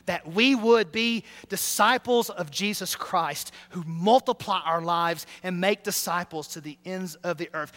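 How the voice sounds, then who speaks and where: Impassioned high-voiced male pastor. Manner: impassioned, pleading, repetitive. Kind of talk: sermon with closing prayer and altar call. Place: church sanctuary during a service. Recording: reverberant church hall with soft music.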